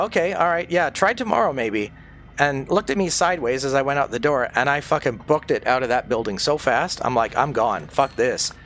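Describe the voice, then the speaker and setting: A man's voice: medium pitch, fairly bright tone, a little hiss or hum. A man telling a rambling, conspiratorial story in a casual livestream while gaming, swearing freely as he goes. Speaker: streamer.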